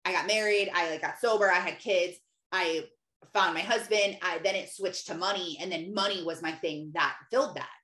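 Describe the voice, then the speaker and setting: A woman's voice: mid-range voice, a bit bright. A woman in her thirties telling her faith story in casual, rambling talk, full of "like". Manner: rambling, heavy use of "like". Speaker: speaker sharing a faith testimony. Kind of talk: casual personal testimony. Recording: roomy echo.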